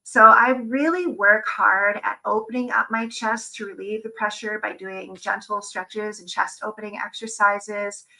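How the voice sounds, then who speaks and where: Bright, gravelly-voiced woman. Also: mid-range voice, steady tone, measured pace, hardly any pauses, low-quality recording. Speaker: patient advocate. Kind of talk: personal account at a conference.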